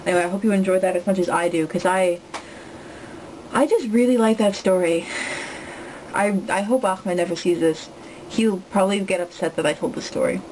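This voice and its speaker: A young woman telling a story to the camera from home, rambling and joking with many quick asides. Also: mid-range voice, darkish tone, a little hiss or hum, rough recording. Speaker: vlogger.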